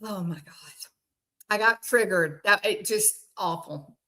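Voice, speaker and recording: A woman's voice: medium pitch, a little slow, bright, forceful tone. A woman hosting casual true crime commentary, bluntly and indignantly answering viewers by name. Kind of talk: casual commentary reacting to chat.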